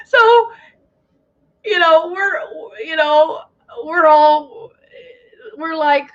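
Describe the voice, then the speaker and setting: A woman's voice: high voice, expressive, slow, long pauses, fairly bright tone, lo-fi sound. A woman hosting a casual live travel chat, telling news as a story and acting out the people she quotes.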